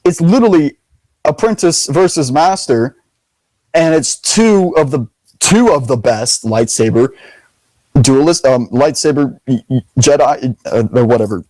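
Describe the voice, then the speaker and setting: A young man hosting a casual debate, talking in an animated, emphatic way and leaning on the word "literally". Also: medium pitch, measured pace, no echo, low-quality recording. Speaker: video host.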